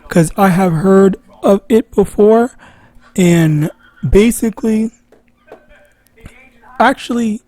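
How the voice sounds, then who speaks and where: A man's voice: high-pitched, warm tone, dry recording. A man teaching an informal religious lesson, rambling and correcting himself as he goes. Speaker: online Bible teacher.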